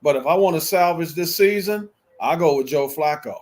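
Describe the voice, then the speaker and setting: At a moderate pace, a slightly high, darkish-toned male voice argues football picks on a sports talk show he co-hosts. His style is emphatic yet conversational, fitting the casual debate.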